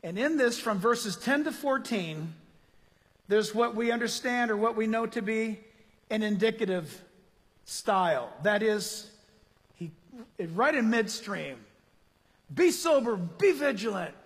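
High-voiced preacher in a reverberant hall. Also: male voice, a little slow, slightly rough. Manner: animated, conversational preaching with rhetorical questions. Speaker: pastor. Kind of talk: sermon.

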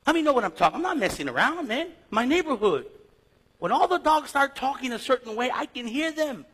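A middle-aged man teaches scripture with a bright, high-pitched and husky voice. His pitch swings widely as he acts out stories and conversations. His delivery is animated and full of restarts. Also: quick pace. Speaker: Bible teacher. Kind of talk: lively sermon-style Bible class.

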